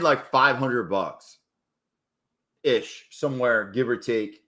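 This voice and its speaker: Excitable man with a bright voice. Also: mid-range voice. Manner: excitable, profane, hypes up his wins; rambling and casual. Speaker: day trader streaming live. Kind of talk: live stream chat.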